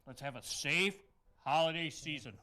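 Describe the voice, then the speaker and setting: A cheerful old Santa Claus, put on by a man for a small-studio kids' show. He speaks in a notably high voice and stretches his words out slowly to stress safety, with a hearty ho-ho-ho never far away. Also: lively intonation, bright, forceful tone, slight background noise. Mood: earnest. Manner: slow, deliberate safety advice between hearty ho-ho-hos. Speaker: guest character on a local kids' show. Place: local public access TV studio.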